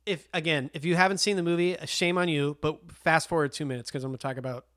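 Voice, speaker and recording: A man's voice: a little high, fairly even intonation, quick pace, a bit bright. A man co-hosting a casual film podcast, telling stories with eager enthusiasm and lots of fillers and restarts. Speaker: podcast co-host.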